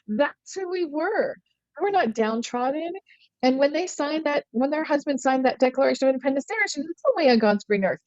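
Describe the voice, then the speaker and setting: A middle-aged woman telling a story as a podcast guest, earnest and animated, often restarting her sentences. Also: on the high side, dry recording. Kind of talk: storytelling in conversation. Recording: dull, lo-fi and dry.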